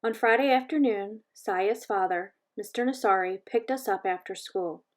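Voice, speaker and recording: A woman with a mid-range voice reads a children's chapter book aloud, her storytelling gentle and measured.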